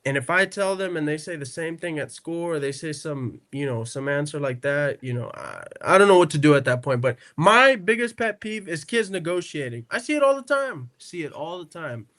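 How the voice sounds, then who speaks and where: Animated storytelling man, slightly high voice. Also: normal speed, few pauses. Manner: animated storyteller who acts out quotes; peppers speech with "right?" and "okay?". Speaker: podcast co-host. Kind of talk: casual podcast storytelling.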